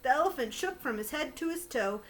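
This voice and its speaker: A woman's voice: sits high, brisk. Woman reading a rhyming picture book. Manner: lively rhyming delivery. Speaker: storytime reader.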